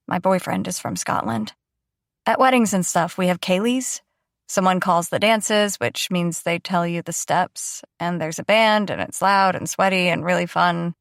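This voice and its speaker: A woman's voice: fairly low pitch, vocal fry, dry recording, studio quality. A young adult woman narrating a first-person audiobook in a chatty, self-deprecating way.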